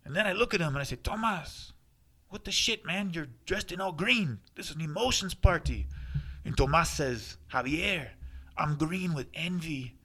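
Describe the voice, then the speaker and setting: An excitable party host with a Spanish accent, as a man puts him on. He talks high, bright and animated, jumping into shouts of delight. It is comic storytelling with plenty of punch. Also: normal speed. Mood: excited.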